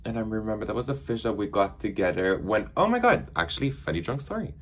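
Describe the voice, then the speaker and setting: Chatty young man with a lowish voice. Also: sing-song, fast talker. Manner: chatty, rambling, frequent "like" fillers. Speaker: beauty vlogger. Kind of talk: casual storytelling while doing makeup.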